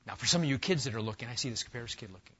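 A man preaching an expository sermon to a congregation, animated and emphatic, firing rhetorical questions and talking straight to his listeners. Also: mid-range voice, racing, slightly rough, muffled recording. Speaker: pastor. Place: church sanctuary with a live congregation.

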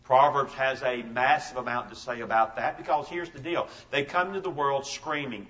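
A man's voice: medium pitch, moderate pace, hardly any pauses, pushed and bright, distant mic. A man in his fifties preaching a sermon as a pastor, telling stories emphatically and repeating his key phrases. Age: 50s. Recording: dull lo-fi sermon recording.

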